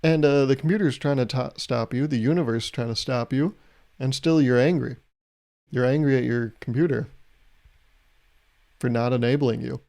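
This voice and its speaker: A man's voice: medium pitch, moderate pace, creaky, long pauses, darkish tone. A young man hosting a solo podcast, talking in a loose, rambling, jokey way and chuckling at his own bits. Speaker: podcast host.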